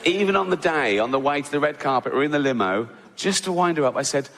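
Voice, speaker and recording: English comic rambling through a bit. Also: male voice, on the high side, expressive, fast talker, a little hiss or hum. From England. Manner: rambling, self-interrupting, cheeky. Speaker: stand-up comedian. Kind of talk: stand-up comedy. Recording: loud live audience laughter.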